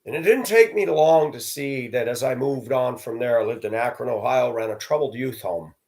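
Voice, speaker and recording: Middle-aged male host, blunt storyteller, average pitch, talks plainly and directly. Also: normal speed, a little mellow. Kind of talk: personal storytelling monologue.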